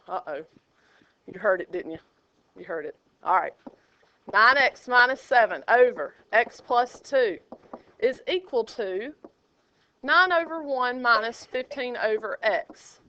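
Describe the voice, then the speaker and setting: A playful woman gives a math lecture in a classroom, dropping sing-song asides along the way. Her voice sits high, bright and forceful. The recording is dull and lo-fi.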